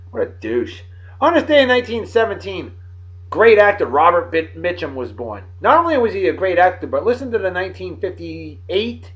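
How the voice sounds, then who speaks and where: A man, giving casual, jokey and sarcastic commentary in a video blog, with big swings between loud and soft. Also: a little high. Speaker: video blogger. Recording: dull lo-fi recording.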